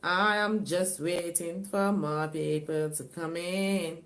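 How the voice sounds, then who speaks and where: A woman's voice: on the low side, steady tone, slow pace. A woman chatting casually on her own live stream, repeating herself and often laughing and sighing. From Africa.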